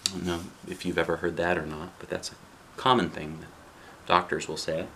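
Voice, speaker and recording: A man reading a picture book aloud to children, gently chatting and asking the listener questions between pages. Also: low voice, little pitch movement, brisk, a little hiss or hum. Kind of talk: children's read-aloud with casual asides.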